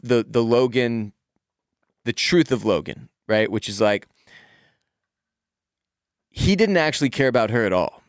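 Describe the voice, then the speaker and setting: A man co-hosting a podcast in casual chat, opinionated and animated, cutting in on his partner. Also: medium pitch, dry recording, clean studio sound. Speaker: podcast co-host.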